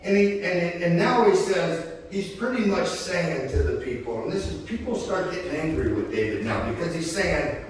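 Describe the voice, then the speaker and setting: A man's voice: on the high side, animated, normal speed, background noise. A male preacher reading scripture aloud and retelling it in casual, everyday paraphrase, acting out the characters' lines. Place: church sanctuary. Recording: echoey church hall, distant mic.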